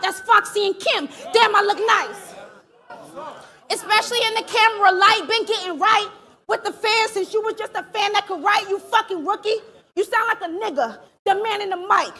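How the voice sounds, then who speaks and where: A woman performing a live battle rap, taunting her opponent with aggressive, shouted punchlines. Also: extremely high pitch. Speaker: battle rapper. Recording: live event with crowd behind.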